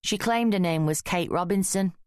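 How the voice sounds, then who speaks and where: A woman's voice: fairly low pitch, moderate pace, a little mellow, smooth, dry recording, clean studio sound, pitched above the performer's own voice, natural voice. A woman voicing a dutiful male custody sergeant who speaks in a clipped, formal way.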